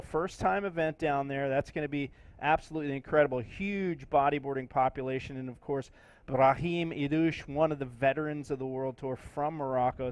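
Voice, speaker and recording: A middle-aged man giving relaxed, chatty play-by-play commentary on a live sports stream. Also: medium pitch, no room sound.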